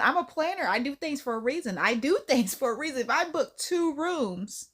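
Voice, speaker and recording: A woman with a fairly high voice rants through a casual storytime for her vlog. She is animated and emphatic and hammers her points home by repeating them. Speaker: storytime vlogger.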